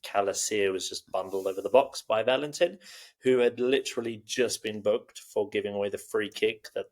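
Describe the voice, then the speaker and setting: A man with a gravelly, low, rambling voice. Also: normal speed. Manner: rambling, jokey, heavy on fillers. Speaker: podcast co-host. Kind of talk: casual football chat.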